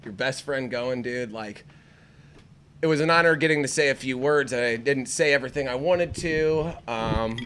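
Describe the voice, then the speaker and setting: A man's voice: mid-range voice, normal speed, a little hiss or hum. A man from the American Midwest co-hosting a casual podcast, swearing a lot and laughing often as he talks. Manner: profane, excitable, laughs often. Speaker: podcast co-host. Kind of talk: casual chat.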